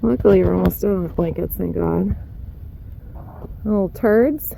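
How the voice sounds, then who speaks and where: A young woman vlogs at her outdoor barn and paddocks, chatting as she works and baby-talking to her horses and cat. Her medium-pitched voice is expressive, creaky, and dark in tone at a moderate pace, with slight background noise.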